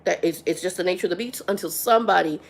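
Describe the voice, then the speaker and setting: Blunt, gravelly middle-aged woman. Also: lowish voice, fast talker. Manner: frank and blunt, stumbles and repeats words. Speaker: livestream host. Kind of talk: casual livestream chat.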